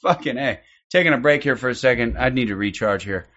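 A young man streaming in online game voice chat, taunting other players in a loud, abrasive way that often breaks into shouting. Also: medium pitch, lively intonation, fast talker, lo-fi sound. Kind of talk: aggressive trolling over game voice chat.

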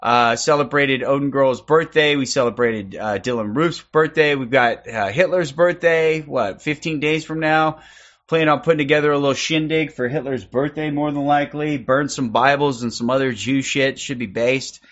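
A man hosting a livestream in loose, casual chat, reeling off quick shout-outs and swearing freely. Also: medium pitch, lo-fi sound. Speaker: livestream host.

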